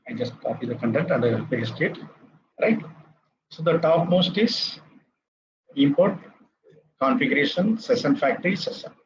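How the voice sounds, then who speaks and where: A man's voice: medium pitch, moderate pace, pauses often, highs cut off, slight background noise. A man with an Indian English accent teaching a live coding lecture. He repeats terms and checks in with "right?" after each step.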